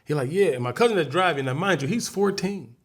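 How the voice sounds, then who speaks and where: A man's voice: fairly high pitch, expressive, quick pace. A man from Chicago, a guest comedian, telling a story in a casual interview, acting out scenes and voices vividly.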